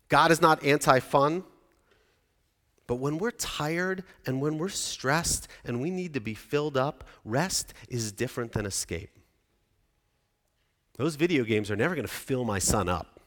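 A man's voice: a little high, a bit bright. A man in his forties preaching a sermon in a conversational way, often putting questions to the congregation. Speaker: pastor. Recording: reverberant church hall.

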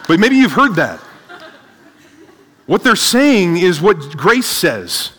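A man preaching a sermon to a seated audience, energetic, asking rhetorical questions and often adding "right?". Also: high-pitched, slow, pauses often, background noise. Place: large hall with a live audience. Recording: long hall reverb.

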